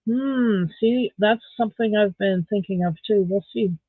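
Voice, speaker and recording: A woman's voice: mid-range voice, measured pace, slightly rough, no room sound. A middle-aged woman, chatting casually on a live stream while crocheting, rambling along with dry sarcastic asides. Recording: dry, tinny phone-like sound.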